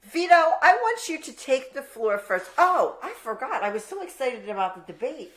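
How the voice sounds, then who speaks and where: A chatty woman co-hosting a podcast, telling stories with lots of animation. Her voice sits a bit high and swings widely in pitch. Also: very animated, moderate pace. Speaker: podcast producer and co-host. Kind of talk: casual banter.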